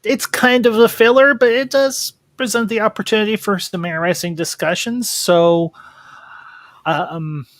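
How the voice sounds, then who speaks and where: A man's voice: high voice, fairly even intonation, moderate pace, fairly bright tone, no echo. Folksy man hosting a livestream. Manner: folksy, chatty, with frequent ums. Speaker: host. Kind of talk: casual livestream chat.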